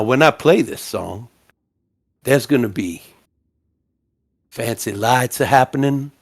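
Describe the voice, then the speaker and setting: A man voicing an undead male bard with folksy, drawling salesman patter. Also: lowish voice. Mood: showy.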